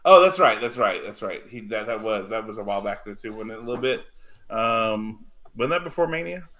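A man hosting a casual wrestling podcast, halting with many ums as he puts questions to the panel. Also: fairly low pitch, lively intonation, fairly bright tone. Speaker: podcast host. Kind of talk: casual chat.

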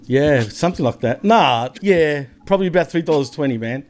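An Australian man with a slightly raised pitch chats on a podcast. His delivery is relaxed and jokey, with laughs breaking in between lines. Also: a little fast, slight background noise. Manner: laughing, easygoing banter. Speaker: guest co-host. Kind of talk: casual podcast chat.

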